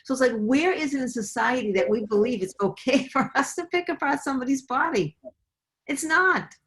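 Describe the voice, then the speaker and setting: A woman health coach speaking as an interview guest, earnest and lively, often acting out what people say. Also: high voice, brisk. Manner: earnest, lively, acts out quoted voices.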